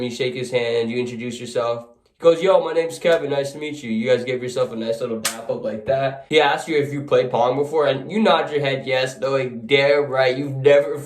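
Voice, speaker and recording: A man's voice: mid-range voice, a little mellow. A man telling a casual second-person story, setting the scene vividly, in a roomy, echoey recording. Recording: roomy echo.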